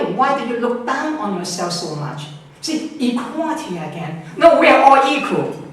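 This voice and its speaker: A man's voice: very high voice, a bit bright. A man giving emphatic, lecturing answers in an interview, often repeating words and restarting. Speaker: interviewed scholar. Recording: echoey room, distant mic, faint noise.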